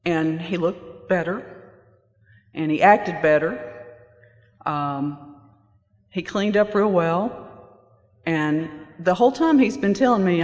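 A woman sharing her personal testimony at a recovery meeting, halting and pausing often with fillers. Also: on the low side, a little mellow, highs cut off. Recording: reverberant hall.

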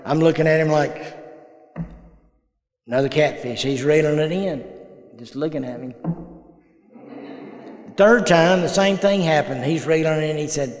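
A man's voice: on the high side, normal speed, pauses often. An older man, telling folksy personal stories at a recovery meeting and acting out the dialogue. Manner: folksy storyteller, acts out quoted dialogue. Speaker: AA meeting speaker. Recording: echoey hall.

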